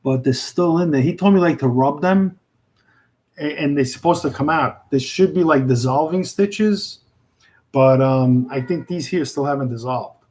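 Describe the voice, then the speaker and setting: A man's voice: a little high, moderate pace, a little mellow, poor audio. Chatty Brooklyn man on a livestream. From New York. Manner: rambling, friendly, lots of fillers and restarts. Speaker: livestream host chatting with viewers. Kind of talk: casual live chat.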